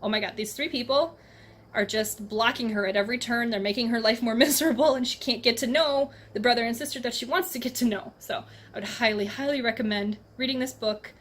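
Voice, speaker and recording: This young adult woman reviews books in a casual vlog, talking with enthusiasm about what she has read and laughing often. Her voice is fairly high, fairly quick, and a bit bright.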